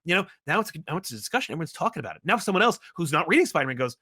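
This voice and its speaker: A man co-hosting a casual podcast chat, talking in long animated runs with many restarts. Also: fairly high pitch, rapid-fire. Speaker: podcast co-host.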